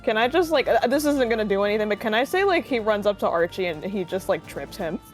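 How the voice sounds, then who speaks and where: Woman, tabletop player, mid-pitched, giggly, casual swearing, faint music behind. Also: lively intonation, a little fast. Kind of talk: playing a tabletop game.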